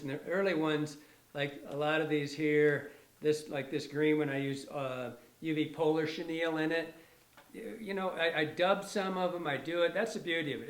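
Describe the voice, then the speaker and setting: In an echoey room at a fly shop tying bench, a middle-aged man with a fairly high voice gives a casual fly-tying demonstration. He's an enthusiastic instructor who rambles and keeps correcting and restarting what he says.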